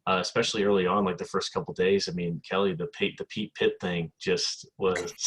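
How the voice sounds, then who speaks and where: Male podcast host, deep, slightly raspy voice, loose and rambling conversational delivery. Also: flat delivery, moderate pace, fairly bright tone. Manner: rambling, reassuring, laughs while telling stories. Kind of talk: casual podcast chat.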